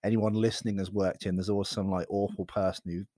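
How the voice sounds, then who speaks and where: Lower-voiced man musing about acting. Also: flat delivery, fast, warm tone, no room sound, studio quality. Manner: reflective, rambling, self-correcting. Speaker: actor guest. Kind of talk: casual interview chat.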